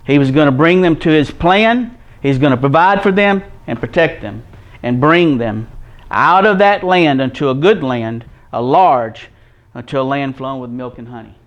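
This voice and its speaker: A man's voice: mid-range voice, expressive, moderate pace. A man preaching an earnest Bible-teaching sermon, repeating his points and checking in with his listeners. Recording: dull lo-fi recording.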